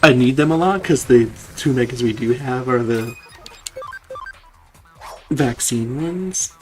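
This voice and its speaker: A man's voice: mid-range voice, takes it slowly, faint music behind. Laid-back man streaming a game. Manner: laughs often, relaxed. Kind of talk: casual gameplay chat.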